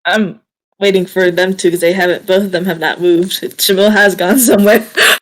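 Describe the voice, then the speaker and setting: A woman's voice: fairly low pitch, steady tone, brisk, poor audio. A woman playing in a tabletop game, chatting casually and laughing often. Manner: casual, laughing often, slips into character voices. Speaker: player.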